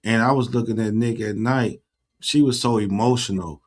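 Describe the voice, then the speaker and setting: A man's voice: mid-range voice, fairly even intonation, moderate pace. A man hosting his own YouTube channel in a casual livestream chat, talking in an earnest, repetitive, affirming way.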